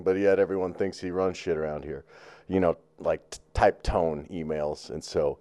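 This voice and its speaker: Low-ish guy rambling about sports, swears a lot, loads of um and like. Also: steady tone, moderate pace, darkish tone. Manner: rambling, profane, full of fillers and restarts. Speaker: sports show co-host. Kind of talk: casual sports chat.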